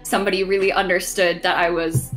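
A woman's voice: fairly low pitch, level tone, a little fast, faint music behind. A woman player on a video call, explaining her views in an earnest, careful and thoughtful way. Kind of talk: casual chat on a game call. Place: online group video call. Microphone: home computer mic on a video call.

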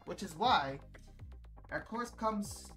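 A woman's voice: mid-range voice, expressive, takes it slowly, a bit bright, soft background music. A woman voicing a prim, pushy announcer-school teacher in a video game, speaking in a formal, correcting, salesy way.

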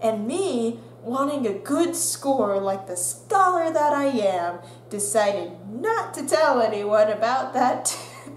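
An animated young woman tells a story slowly, laughing and acting out the voices of the people in it. Her voice sits a little high. The room is roomy and echoey, with a faint hum behind her. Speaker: vlogger. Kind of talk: storytime vlog.

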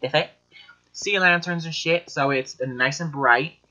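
Brief: excitable, foul-mouthed male gameplay host, slightly high voice, muffled lo-fi audio. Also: unhurried. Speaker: gaming channel host. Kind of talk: casual gameplay commentary.

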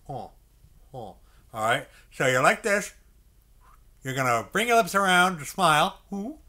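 Speaking at a measured pace, a man with a sharp, high-leaning voice and big pitch swings teaches saxophone. He walks through each step of the lesson, frequently asks "okay?", and demonstrates the mouth sounds himself.

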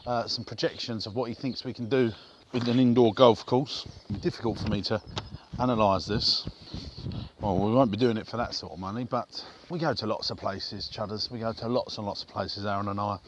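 A man's voice: lowish voice, steady tone, brisk, dull audio, noisy background. A man from the UK talking casually to the camera in a vlog, joking and teasing as he goes. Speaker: business owner vlogging.

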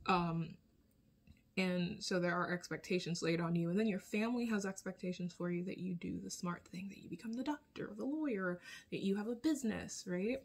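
Casual woman, a bit low-pitched. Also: normal speed. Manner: conversational, often checks in with a questioning tag; blunt, casual swearing. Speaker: video commentator. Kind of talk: casual spoken commentary.

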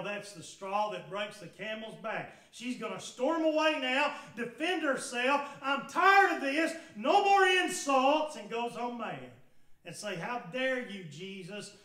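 A man with a Southern US accent preaching a sermon as pastor, building to fervent shouted peaks, recorded in a church sanctuary from a distance. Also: extremely high pitch. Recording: echoey church from far off.

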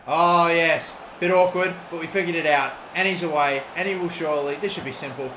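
Excitable Australian man commentating his game. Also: on the high side, normal speed, few pauses. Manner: excitable, swears, shouts at big moments. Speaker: gaming YouTuber. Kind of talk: live gameplay commentary. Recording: echoey room with faint noise.

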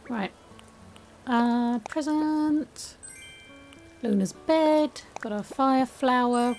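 An English woman giving chatty, excitable, self-mocking let's-play commentary as a gaming YouTuber. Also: a little high.

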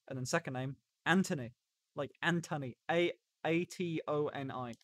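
A man's voice: fairly high pitch, moderate pace, dry recording, studio quality. A young man chatting casually on a live stream, rambling and stopping and starting as he reacts to chat. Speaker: livestreamer.

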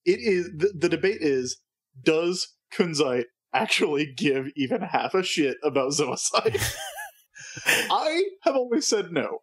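A man's voice: fairly high pitch, big pitch swings, measured pace, husky. A man co-hosting a podcast, recapping a cartoon episode in a wry, joking way. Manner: wry, joking, summarizing plot. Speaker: podcast co-host. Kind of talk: casual chat.

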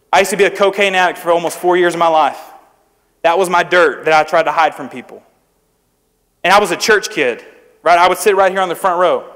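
A man's voice: high-pitched, fairly bright tone. A young man preaching to students in a church, in a conversational, humorous manner, often asking the crowd questions. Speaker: youth preacher. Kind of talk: sermon to students. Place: church hall. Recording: echoey hall with long reverb.

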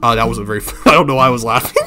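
Excitable, slangy man playing a game. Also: medium pitch, racing, over music. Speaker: game streamer. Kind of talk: let's play commentary and reading.

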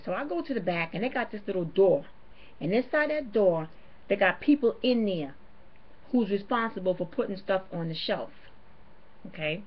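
A woman's voice: mid-range voice, animated, a little fast. A woman vlogger, ranting to camera in an indignant, emphatic way and hammering her points home. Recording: dull lo-fi home video audio.

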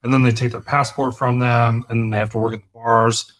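Measured man in casual podcast chat. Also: medium pitch, little pitch movement, fairly bright tone. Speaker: podcast co-host, army veteran.

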